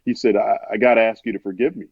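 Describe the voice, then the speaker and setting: A man's voice: lowish voice, fairly even intonation, fast talker, creaky, husky, no room sound. Man telling a long story, dry sound. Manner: rambling, many restarts, quotes others in his own voice. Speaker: sportswriter guest. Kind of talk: conversational storytelling. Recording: dull, dry podcast audio.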